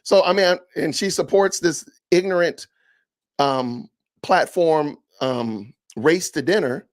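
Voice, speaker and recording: A man hosting a podcast livestream, reading comments aloud with animated, indignant, preachy ranting. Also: fairly high pitch, slow pace. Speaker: podcast host.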